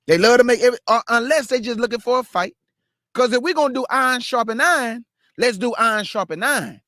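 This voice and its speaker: A man teaching the Bible, reading verses aloud and breaking off to question them with drawn-out emphasis. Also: very high-pitched, sharp tone, no room sound, clean studio sound. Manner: reads verse then stops to question it aloud. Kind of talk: street-style scripture teaching.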